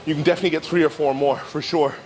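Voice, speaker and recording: A man giving casual, instructive commentary during his own gym workout, talking through form cues in a relaxed way. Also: a little high, racing. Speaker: bodybuilder and coach. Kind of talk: casual training vlog commentary.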